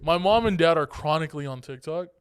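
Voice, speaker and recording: Young male podcast co-host, casual and profane, slightly high, smooth voice. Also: fast talker, no room sound. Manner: loose, profane storytelling with laughs. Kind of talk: casual chat.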